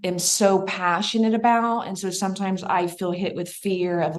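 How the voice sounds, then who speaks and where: A middle-aged woman, a podcast guest, speaking in a soft, reflective and openly emotional way. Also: mid-range voice, fairly even intonation, normal speed, hardly any pauses. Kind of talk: casual podcast conversation.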